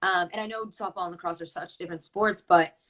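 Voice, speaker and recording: Woman in her twenties, lacrosse player and coach, chatty and upbeat, lowish pitch. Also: steady tone, fast, a bit bright, poor audio. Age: 20s. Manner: chatty, lots of ums and restarts, upbeat. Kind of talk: casual chat.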